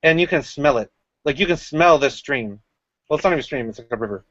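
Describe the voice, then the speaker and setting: A man's voice: medium pitch, lively intonation, fast talker, fairly bright tone, no room sound. A man hosting a casual chat stream, joking and laughing often. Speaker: stream host. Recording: dry, dull lo-fi mic.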